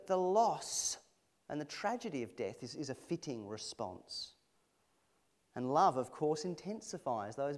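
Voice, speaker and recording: A man preaching a sermon in a conversational, expressive way, asking his listeners rhetorical questions. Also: a little high. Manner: expressive, shifting emphasis.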